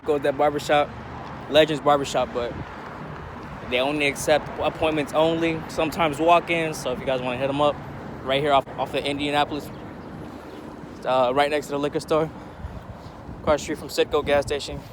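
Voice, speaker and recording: A man's voice: fairly high pitch, fairly even intonation, fairly quick, pauses often, noisy background. A young man talking casually to the camera in a slangy, rambling way, with a groggy morning voice, recorded in a car and outdoors in the city. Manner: laid-back, slangy, rambling. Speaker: vlogger. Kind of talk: casual vlog talk to camera.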